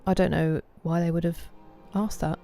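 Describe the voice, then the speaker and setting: A woman's voice: fairly low pitch, little pitch movement, moderate pace, vocal fry, mellow, faint music behind. A British woman streaming a game, chatting casually and greeting her viewers by name. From Britain. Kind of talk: casual chat with viewers while gaming.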